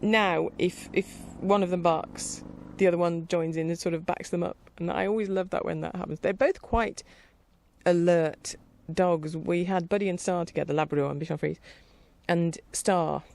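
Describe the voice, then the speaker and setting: A middle-aged woman chatting casually in a rambling, warm-hearted way, with fillers and light laughter. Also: lowish voice, steady tone, normal speed, creaky. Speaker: vlogger. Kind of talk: casual chat.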